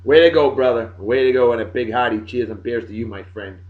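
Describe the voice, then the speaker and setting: Rowdy guy doing shout-outs on his vlog, jokey, loud then quiet, kinda dull lo-fi audio. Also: medium pitch, fairly quick. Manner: boisterous, jokey, swings loud and soft. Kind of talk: casual video blog chat. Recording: dull lo-fi sound.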